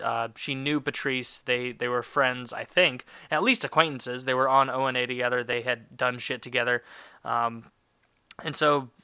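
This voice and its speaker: A man's voice: medium pitch, pushed and bright, smooth, no echo, clean studio sound. A man hosting a solo podcast, ranting in a rambling, sarcastic and profane way. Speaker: podcast host.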